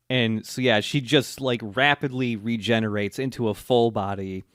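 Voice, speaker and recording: A man's voice: mid-range voice, steady tone, unhurried, fairly bright tone, no echo, studio quality. A man co-hosting a podcast, retelling anime scenes in casual chat, laughing often and leaning on fillers. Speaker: podcast co-host.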